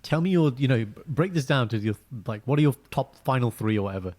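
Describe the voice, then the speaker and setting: The young co-host of a laid-back podcast talks fast and tells spirited anecdotes. He voices quotations in a high pitch as he acts them out.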